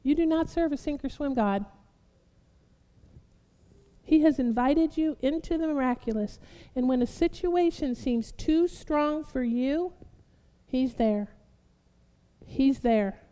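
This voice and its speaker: Woman pastor, high voice, unhurried sermon delivery in a reverberant hall. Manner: preaching, building to loud fervent exhortation; addresses listeners as beloved.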